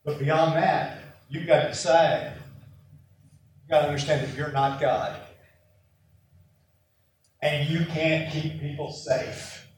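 High-voiced preacher in an echoey hall. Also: male voice, takes it slowly, long pauses, a little hiss or hum. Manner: animated storytelling with self-mocking asides. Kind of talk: sermon. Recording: echoey room from far off.

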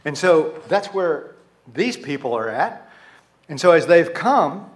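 A man's voice: fairly high pitch, big pitch swings, slow pace. A man preaching a sermon to his congregation in a conversational way, often restarting and correcting himself. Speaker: pastor.

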